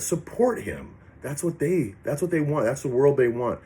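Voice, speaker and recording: A man's voice: mid-range voice, expressive, normal speed, few pauses, mellow. A man vlogger delivering ranting political commentary in an angry, profane, rambling way.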